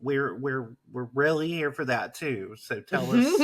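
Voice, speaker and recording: A woman hosting a podcast, cheering her guest on and asking her to tell more. Her voice sits low and is a little husky, and her pitch moves a lot. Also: expressive, unhurried. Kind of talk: casual chat.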